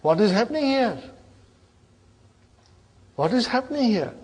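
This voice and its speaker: A man's voice: very high voice, big pitch swings, a little slow, a little mellow, breathy edge. A man teaching grammar in a lesson, drilling verb forms and checking in with "huh?" and "okay?", calling his student brother. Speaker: Arabic teacher.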